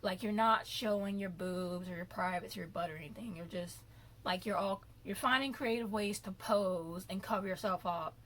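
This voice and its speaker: Speaking at a moderate pace in a mid-range voice, a young woman vlogger delivers opinionated commentary. She gets animated and ranty, stretching out words to stress them.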